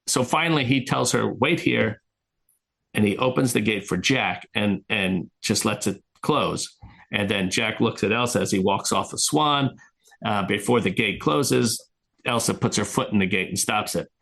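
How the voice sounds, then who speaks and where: Gravelly low-voiced man telling a story. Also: a little slow, fairly bright tone. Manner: rambling, retells scenes with many restarts. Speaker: guest filmmaker. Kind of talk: casual interview storytelling.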